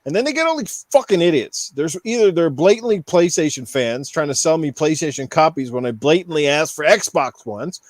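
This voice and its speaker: Newfie guy cussing up a storm, kinda high voice, dead dry sound. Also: lively intonation, brisk, few pauses, no room sound. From Newfoundland, Canada. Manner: heated, swearing, mocks store clerks in put-on voices. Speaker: podcast host. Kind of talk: casual profane rant.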